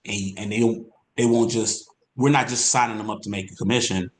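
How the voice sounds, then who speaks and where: A man giving an energetic, repetitive sales training talk as an insurance coach. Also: on the low side, brisk. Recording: roomy echo.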